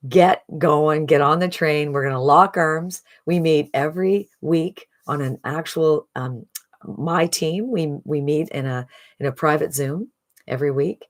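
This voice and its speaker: A woman with a notably low voice gives an upbeat, motivational sales pitch. She talks straight to her viewers and keeps checking in with a quick "right?". The tone is that of a promoter rallying people. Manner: upbeat, repeats "right?" often. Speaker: online marketing promoter. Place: streaming live from a phone.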